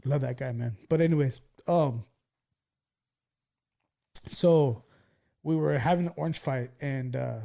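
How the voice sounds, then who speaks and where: Man in his forties, gravelly, mellow tone, profane excitable storyteller, podcast host. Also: mid-range voice, measured pace, long pauses. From California. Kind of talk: casual storytelling chat.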